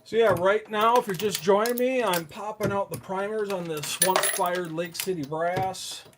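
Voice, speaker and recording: Guy livestreaming at his reloading bench, chatting to viewers as he works, fairly high voice, lots of clicking in the background. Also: normal speed, noisy background. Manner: chatty, talks to viewers while busy with hands-on work. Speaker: live-stream host. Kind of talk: casual live-stream chat while working.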